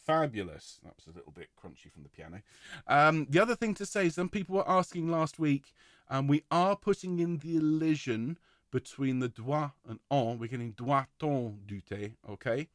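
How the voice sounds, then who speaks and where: A man directing a choir rehearsal, giving clear, encouraging instructions and singing out rhythms to demonstrate them. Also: on the high side, animated, moderate pace, no echo, studio quality.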